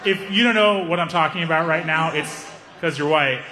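A man telling a stand-up story, animated, acting out the people in it. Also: on the high side, normal speed. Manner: animated, acts out characters. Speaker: stand-up comedian. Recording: echoey hall reverb.

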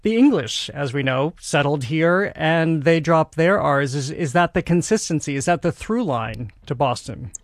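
A man hosting an interview, introducing his guest briskly and asking questions with small stumbles. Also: on the high side, animated, no room sound, clean studio sound. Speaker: interview host. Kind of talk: radio-style interview.

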